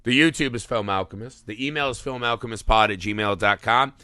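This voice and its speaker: Male podcast host, eager and animated, crisp bright tone, dry close sound. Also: on the low side, brisk, no room sound. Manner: enthusiastic, animated, swears casually. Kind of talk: casual film podcast chat.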